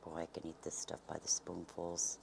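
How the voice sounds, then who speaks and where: A woman's voice: extremely low pitch, completely flat delivery, normal speed, gravelly, mellow, slight background noise. A woman hosting a cooking video, chatting in a folksy way as she bakes and sometimes dropping to a near whisper. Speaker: cooking channel host. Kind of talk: casual cooking demonstration. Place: home kitchen.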